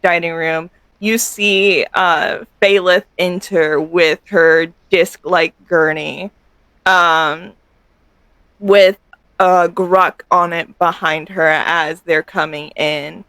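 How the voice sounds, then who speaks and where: A man narrating a tabletop game as game master, halting with many fillers. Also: fairly high pitch, steady tone, sharp tone, clean tone, no room sound, poor audio.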